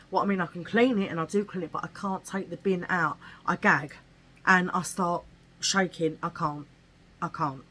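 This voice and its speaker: A woman's voice: fairly low pitch, moderate pace, poor audio. A woman from England, chatting casually and animatedly in a vlog about her shopping finds. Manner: chatty and animated, with slangy asides. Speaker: vlogger. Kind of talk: casual chat.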